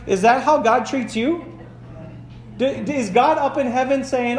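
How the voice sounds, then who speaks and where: A man's voice: very high voice, very animated, moderate pace, a little hiss or hum. A man preaching a sermon as pastor, reading scripture and asking the congregation questions with rising emphasis. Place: church sanctuary. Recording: echoey church with faint ambience.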